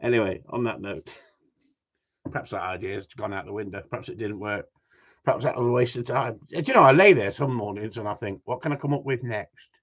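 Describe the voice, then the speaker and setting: A man's voice: lowish voice, a little fast, fairly bright tone. A man, hosting a casual live stream, reading out viewer comments and teasing his audience with jokes and mild swearing. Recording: dull lo-fi sound.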